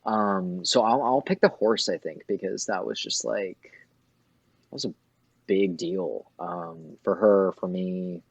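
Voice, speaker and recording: A man's voice: sits low, big pitch swings, slow, gravelly, slightly rough, no echo. A man, a tattoo artist, talking casually as a guest and swearing freely. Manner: laid-back, swears freely. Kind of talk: casual chat.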